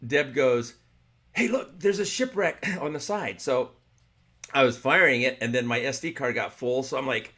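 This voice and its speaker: A man co-hosting a podcast, telling an animated, rambling travel story with laughs and restarts. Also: mid-range voice. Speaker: podcast co-host. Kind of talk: casual storytelling chat.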